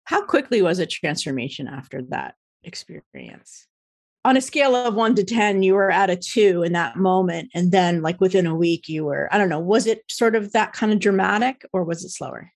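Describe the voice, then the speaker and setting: A woman's voice: on the low side, moderate pace. A woman hosting an interview, engaged and affirming as she asks open questions. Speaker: interview host. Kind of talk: conversational interview.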